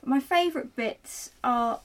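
A woman in casual comedic chat, making deadpan, wry asides. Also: high-pitched, unhurried. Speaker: podcast co-host.

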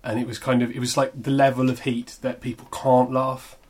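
A man, co-hosting a podcast and telling anecdotes in a lively way, acting out what people said. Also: medium pitch, brisk, slightly rough. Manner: animated anecdote teller, acts out quotes. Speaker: podcast co-host. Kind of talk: casual podcast chat, storytelling.

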